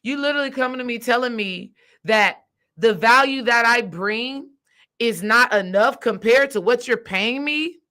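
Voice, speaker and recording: A woman with a bright, forceful voice tells a personal story in a relaxed monologue. She talks straight to her listeners with emphasis and acts out the dialogue as she goes. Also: on the high side, normal speed. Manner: animated, acts out quoted dialogue; emphatic, addresses listeners directly. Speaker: spiritual coach.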